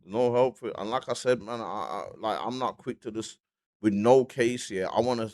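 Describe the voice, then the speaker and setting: A man's voice: lowish voice, moderate pace, a little mellow, dry recording. A man giving a casual commentary vlog, talking in slang, restarting his sentences and often asking "you get me". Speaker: online commentator.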